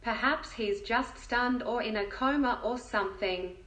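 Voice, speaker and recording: A woman's voice: fairly high pitch, measured pace, a bit bright, echoey room. A woman reading as a pleading, distressed pet owner.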